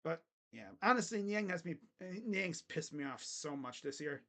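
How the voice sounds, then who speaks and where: Loud, crude young sports fan man. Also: fairly high pitch, expressive, moderate pace. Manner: blunt, crude joking with loud bursts. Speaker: sports channel host. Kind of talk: casual live game reaction. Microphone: webcam setup.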